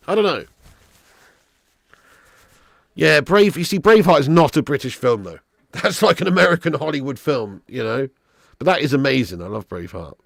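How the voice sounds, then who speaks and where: Hosting a live football watch-along, a man with a creaky mid-range voice chats casually and reads viewer comments aloud. He laughs a lot, swears freely and stays animated, recorded dry with studio quality.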